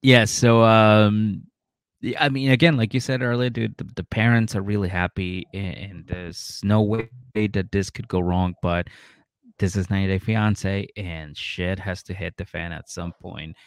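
Low-voiced laid-back podcast host. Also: male voice, steady tone, moderate pace, smooth, dry recording, clean studio sound. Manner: laid-back, swearing, rambling. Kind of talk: casual recap chat.

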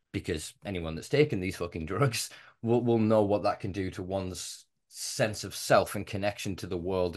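A man with a fairly low voice hosts a casual podcast chat. He talks in long, heated run-on stretches and swears freely. He is passionate and keeps going. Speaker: podcast host.

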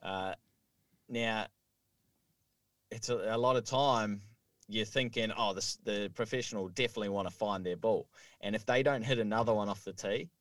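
A man's voice: lowish voice, moderate pace, no room sound, distant mic. A man co-hosting a casual golf podcast, explaining rules step by step with many fillers. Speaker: podcast co-host. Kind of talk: casual chat. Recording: dry, a little off-mic.

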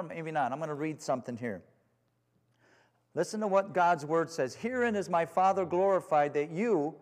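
Guy preaching a sermon, kinda high voice, asks for amens a lot, echoey church hall. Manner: call-and-response, asks for amens. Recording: long reverb of a hall.

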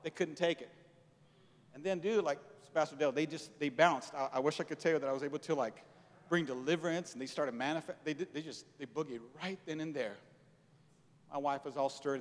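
A pastor preaching a sermon, telling a story with lively acted-out dialogue and casual slang. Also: male voice, fairly high pitch, a little fast, big-room sound.

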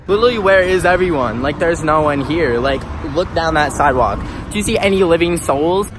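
Young guy joking around on his vlog, slangy and self-mocking, squeaky rat noises thrown in, faint music behind. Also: expressive, moderate pace, few pauses. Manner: squeaks like a rat in high bursts. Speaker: vlogger. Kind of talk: casual comedic vlog.

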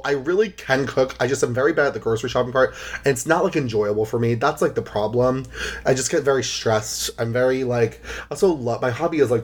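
A young man hosting a casual solo podcast, chatty and rambling with lots of "like", sometimes close to tears. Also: medium pitch. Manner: chatty, rambling, heavy use of "like". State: emotional, near tears. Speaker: podcast host.

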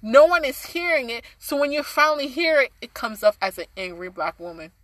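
Woman, casual podcast guest, impassioned, bright tone, dry sound. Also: high voice, animated, a little fast, no echo. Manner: earnest, impassioned, many fillers.

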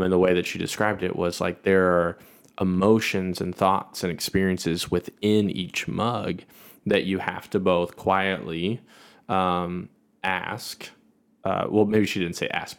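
A man with a very deep voice talks slowly through his thoughts, circling back with fillers and false starts. He sounds thoughtful and easygoing, in his thirties, sharing personal stories in a relaxed chat. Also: vocal fry. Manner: reflective, many fillers and restarts. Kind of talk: casual conversation about marriage.

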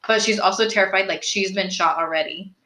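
A young woman hosting a podcast, telling a true-crime story in a casual, animated way, full of "like" and questions put to her co-host. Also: medium pitch, a little fast. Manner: chatty, animated, lots of "like" and rhetorical questions. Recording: roomy echo.

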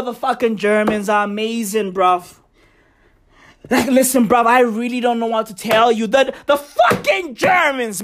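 A woman hosting a comedic podcast, ranting in slangy, profane, excitable talk. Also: fairly high pitch. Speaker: podcast host.

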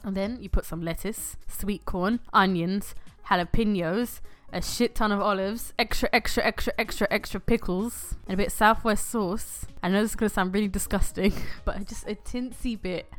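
Animated woman podcasting. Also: medium pitch, moderate pace, hardly any pauses. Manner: animated, passionate about food. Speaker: podcast co-host. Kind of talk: casual podcast chat.

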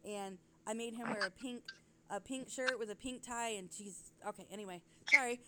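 A woman's voice: on the high side, brisk, heavy background noise. A woman hosting a podcast in casual chat, rambling and giggly, often breaking off to correct herself. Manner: rambling, giggly, self-interrupting. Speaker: podcast host.

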